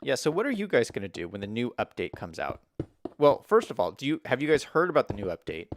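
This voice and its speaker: A man's voice: mid-range voice, sing-song, quick pace, a little hiss or hum. A man streaming a building game, chatting casually with viewers and thinking aloud as he builds, with an American accent and frequent laughs.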